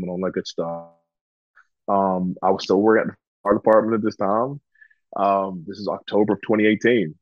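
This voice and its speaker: A low-pitched man from Georgia recounts his story in an easygoing interview, sprinkling in ums and voicing the people he quotes. The recording is dry and close but somewhat dull and muffled. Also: moderate pace, no room sound. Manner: relaxed, chatty, frequent ums, acts out quoted dialogue. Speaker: guest, professional wrestler.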